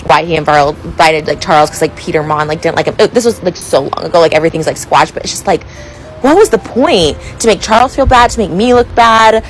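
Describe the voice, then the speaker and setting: A woman's voice: on the low side, fast talker, faint music behind, low-quality recording. An upset woman ranting into a phone selfie video, rambling with lots of fillers and breaking off mid-sentence. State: upset, close to tears. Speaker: social media influencer. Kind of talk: emotional selfie video rant.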